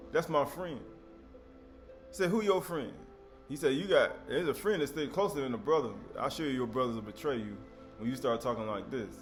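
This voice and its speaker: A man preaching an informal sermon, reading scripture and breaking into conversational asides and rhetorical questions. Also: fairly high pitch.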